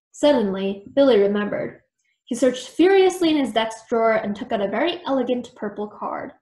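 Woman, storybook reader, expressive narration, high voice, echoey room. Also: moderate pace. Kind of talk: reading a children's book aloud.

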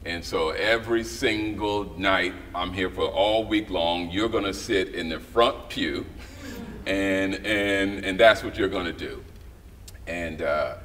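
Middle-aged guy with a low voice spinning stories in an interview, does the voices of people he quotes, mic kinda far off, bit of hiss. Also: a little slow. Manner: animated storyteller who acts out quoted voices. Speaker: guest, writer and director. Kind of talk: storytelling in a casual interview. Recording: slightly distant mic with faint background noise.

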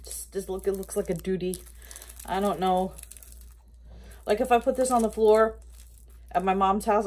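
Woman vlogger, relaxed rambling product review, average pitch. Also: husky. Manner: chatty, rambling, thinking aloud; talks with mouth full of candy. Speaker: haul vlogger.

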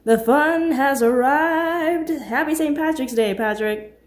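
A woman's voice: medium pitch, big pitch swings, brisk, pitched above the performer's own voice. A woman doing a boisterous, friendly guy. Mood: exuberant. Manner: boisterous, teasing. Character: friendly joking adult male party guest. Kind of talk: audiobook character voice.

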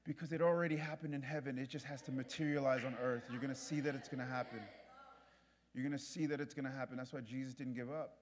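A male pastor preaching a sermon in a large church auditorium, repeating his points and moving from hushed to loud. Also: medium pitch, steady tone, quick pace. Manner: impassioned, repetitive preaching that swings from hushed to loud. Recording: long hall reverb.

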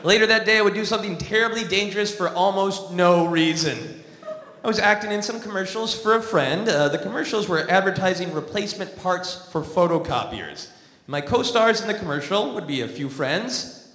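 A man tells a comic story with a dry, wry delivery, his voice high and bright. He speaks into a stage mic in a large theatre, and the sound rings with long hall reverb and a faint hiss. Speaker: comedian. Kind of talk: stand-up storytelling. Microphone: stage microphone. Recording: echoey theatre hall from a distance.

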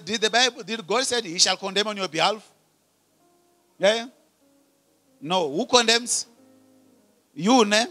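High, bright-voiced preaching man. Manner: call-and-response preaching, swelling from quiet to loud. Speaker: pastor. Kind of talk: sermon. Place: church hall.

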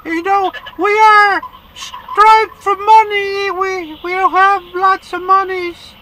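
A man's voice: extremely high pitch, little pitch movement, slow, background noise, voice pushed up. A man voicing an elderly female monarch who prattles on, pleading to collect money from her subjects. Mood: wheedling. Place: inside a van.

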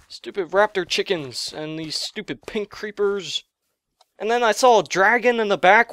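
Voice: medium pitch, moderate pace, a bit bright, dry recording. A gamer giving let's play commentary while thinking aloud, gasping and yelping whenever something surprising happens.

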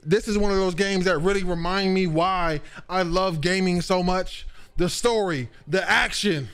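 A young man reacting to a video game as he plays, excitable and profane, with loud outbursts and banter. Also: high-pitched, moderate pace, clear, resonant tone.

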